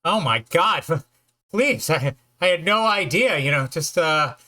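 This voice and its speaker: A man's voice: a little high, expressive, slow, bright, forceful tone. A man streaming a game, chatting casually, joking and rambling as he plays. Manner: joking, rambling, puts on silly voices. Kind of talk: casual let's-play chat.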